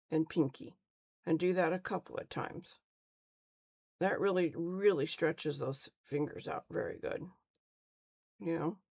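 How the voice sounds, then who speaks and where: A woman's voice: lowish voice, darkish tone, lo-fi sound. Chatty middle-aged woman teaching crochet. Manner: chatty, rambling, stumbles over words. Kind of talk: casual live-stream tutorial.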